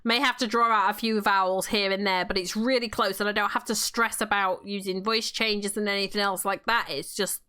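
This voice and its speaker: Bright-voiced Manchester woman, chatty and sweary. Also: medium pitch, steady tone, fairly quick, few pauses, smooth. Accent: Northern English, Manchester area. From England, near Manchester. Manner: chatty, swears freely, frequent restarts. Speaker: game streamer and role-player. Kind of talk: casual chat while playing a game.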